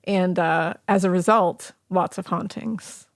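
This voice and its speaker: A woman's voice: fairly low pitch, steady tone, slow, vocal fry, no echo, studio quality. Chatty woman podcast co-host. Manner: chatty, laughing, lots of fillers like "you know". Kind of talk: casual chat.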